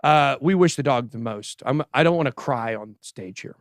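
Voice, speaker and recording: A man hosting a casual livestream crypto show, giving animated and sarcastic commentary as he chats with a co-host and the live chat. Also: medium pitch, normal speed, no echo, studio quality. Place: show studio stage.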